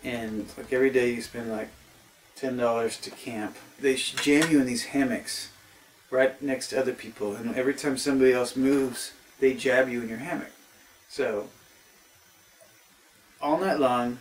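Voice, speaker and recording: A man's voice: mid-range voice, reverberant, recorded from a distance, a little hiss or hum, low-quality recording. An American man telling a rambling comic travel story, often breaking off and restarting with exasperation. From United States.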